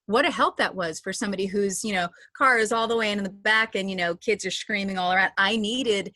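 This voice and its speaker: A woman's voice: medium pitch, brisk, pushed and bright, no echo. A woman in her thirties, an audio description narrator, telling stories in a chatty interview with many restarts. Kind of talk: casual interview talk.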